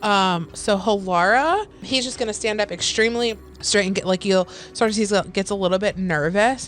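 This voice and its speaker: A woman's voice: mid-range voice, moderate pace, hardly any pauses, fairly bright tone. A woman playing a tabletop game who talks chattily and laughs often. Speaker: player. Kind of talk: casual chat.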